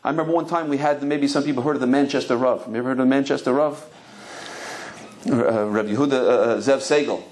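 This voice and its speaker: A rabbi with a medium-pitched, slightly mellow voice moves at a quick pace through a Torah lecture. He fills it with anecdotes and frequently restarts what he's saying.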